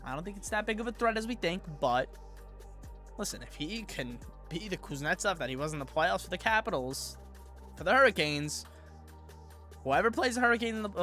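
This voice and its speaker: A young man riffs through casual live-stream commentary in a bright, slightly high voice, restarting sentences as he thinks aloud. He keeps getting himself worked up and rambling. Faint music sits under his talk.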